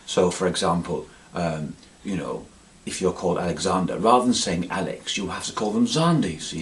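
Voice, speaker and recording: A man's voice: low voice, fairly bright tone. A middle-aged man from England delivering a rambling, pompous comic monologue, forever adding "you see". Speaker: comedic monologue performer.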